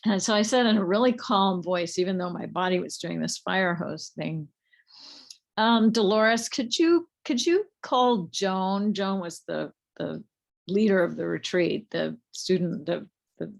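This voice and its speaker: A middle-aged woman slowly telling a personal spiritual story, halting, with many fillers and restarts. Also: on the low side, vocal fry. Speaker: group leader telling her spiritual story.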